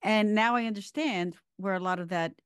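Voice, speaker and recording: A woman's voice: medium pitch, normal speed, clean tone, no room sound, studio quality. A woman hosting a wellness podcast, chatting casually and frankly with her guest. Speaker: podcast host. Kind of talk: casual interview chat.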